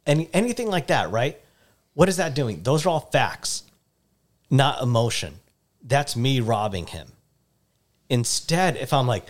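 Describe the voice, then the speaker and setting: A man hosting a podcast in casual chat, talking in an animated way with frequent halting restarts. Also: mid-range voice. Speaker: podcast host.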